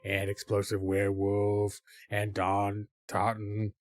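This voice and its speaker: A man putting on an eerie, slow, hypnotic voice that lulls listeners to sleep and promises to haunt their dreams. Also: on the low side, monotone, no echo, clean studio sound, pitched below the performer's own voice. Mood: creepy hypnotic. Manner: slow, drawn-out, hypnotic crooning.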